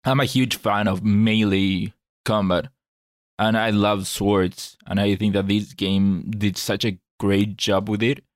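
A man with a fairly low voice talks earnestly about games as a podcast co-host. He reflects aloud and restarts his sentences as he thinks. The sound is close and dry, with no room around it. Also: fairly even intonation, takes it slowly, no echo. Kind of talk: casual chat.

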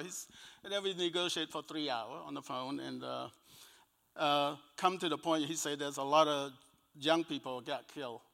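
In an interview with long, echoey reverb, an older evangelist with a Cambodian accent tells a story from his life. His voice is on the high side with a sharp tone, and he frequently chuckles between sentences while acting out what others said.

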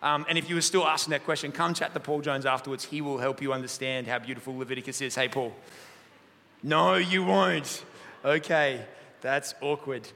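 A man's voice: medium pitch, fast. A man preaching a sermon as pastor, telling stories and joking lightly with the congregation. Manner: lively storytelling, jokes with the room. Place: church auditorium. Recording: long hall reverb in a church auditorium.

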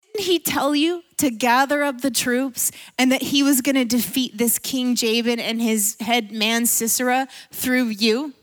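A woman's voice: a little high, fairly even intonation, a little slow, natural voice. A woman preacher voicing a bold woman prophet and judge who challenges a commander in an insistent tone. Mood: urging.

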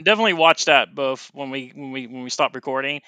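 Man, podcast co-host, casual game chat, bright and crisp, dry close mic. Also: mid-range voice, fast, no echo. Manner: relaxed, chatty, many fillers.

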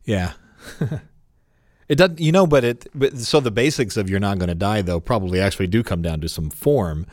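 A man with a fairly low voice talks casually and reflectively. He laughs easily and pokes fun at himself. The sound is dry and close. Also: animated, normal speed, a little mellow, no echo. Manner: reflective, laughs often, self-deprecating. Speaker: podcast co-host. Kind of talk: casual chat.

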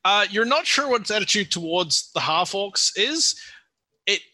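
Bright-voiced game master, halting. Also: male voice, high-pitched, animated, no echo, low-quality recording. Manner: hesitant, filler-heavy. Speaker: dungeon master. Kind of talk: narrating a tabletop game.

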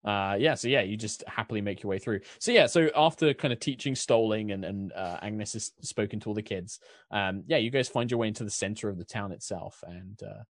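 A man's voice: on the low side, a little fast, no echo, studio quality. A man narrating as dungeon master, describing scenes in a rambling way full of fillers. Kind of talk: narrating a tabletop game.

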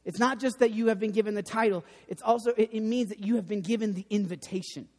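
A young man preaching a sermon, telling lively stories with a self-deprecating humor. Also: high-pitched, fast. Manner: animated storytelling, self-deprecating. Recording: long hall reverb.

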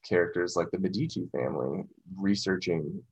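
A man with a husky, fairly low voice talks in a loose, rambling way, circling back with "you know" and restarts. The recording sounds dull and lo-fi. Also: moderate pace. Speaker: podcast discussion guest. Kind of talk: casual discussion.

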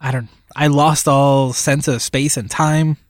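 Male podcast host, mid-pitched, excitable, dry close recording. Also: measured pace, dry recording. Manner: excitable, gushing. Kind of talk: casual podcast chat.

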